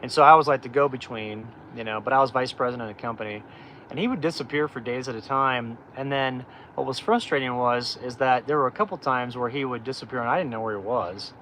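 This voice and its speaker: A man's voice: mid-range voice, quick pace, a bit bright, slight background noise, poor audio. A middle-aged man hosting a livestream, telling his life story in a candid, rambling way with lots of fillers and restarts. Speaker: off-grid channel host.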